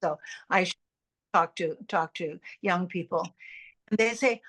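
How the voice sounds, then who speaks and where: An older actress, a guest in an interview, talking in a rambling, animated way with many restarts and repeated words. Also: female voice, fairly low pitch, unhurried. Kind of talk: casual interview chat.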